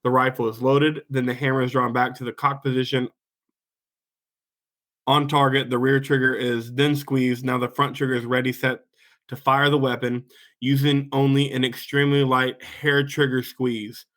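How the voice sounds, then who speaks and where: A man's voice: medium pitch, flat delivery, moderate pace, fairly bright tone. Casual podcast host man, reading trivia. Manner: reads trivia, swears casually. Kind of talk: casual movie podcast chat.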